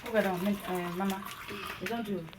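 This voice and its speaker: A woman's voice: medium pitch, fairly even intonation, brisk. A woman with a Nigerian accent chatting casually with her family at home, coaxing them to come and eat. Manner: coaxing, calling family over. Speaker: vlogger feeding family. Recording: echoey room, far from mic, noisy.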